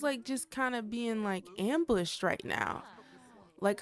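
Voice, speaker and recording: A young adult woman giving casual, chatty commentary while playing a life-sim game, talking straight to her viewers. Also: medium pitch. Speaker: gaming creator.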